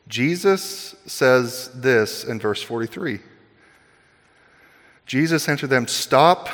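A man's voice: medium pitch, a bit bright. A man preaching a casual, jokey sermon that is full of rhetorical questions to the congregation. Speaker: pastor. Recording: long hall reverb.

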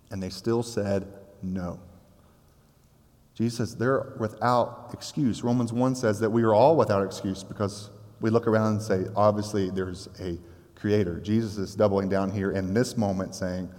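A man preaching a sermon in a conversational, animated way, with casual asides to his listeners. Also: mid-range voice, big-room sound. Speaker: pastor.

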